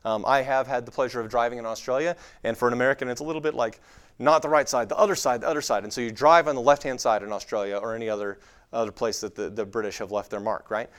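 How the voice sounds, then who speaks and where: A man's voice: medium pitch, steady tone, fast, clean tone. A man from West Texas with a light West Texas accent, giving an informal lecture on the Bible to a live audience, talking conversationally with many fillers. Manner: conversational, with frequent fillers and acted-out quoted voices. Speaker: speaker teaching on the Bible.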